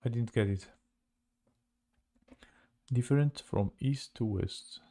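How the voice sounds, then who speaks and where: A man with a Russian accent teaching casually on a livestream, halting and repeating words to compare their sounds. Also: mid-range voice, dark tone. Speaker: language teacher.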